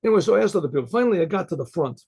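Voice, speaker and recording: A man's voice: high-pitched, animated, very fast, mellow. A man, a rabbi, telling a story in a rambling, conversational way with frequent restarts. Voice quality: gravelly, husky voice. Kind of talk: storytelling talk.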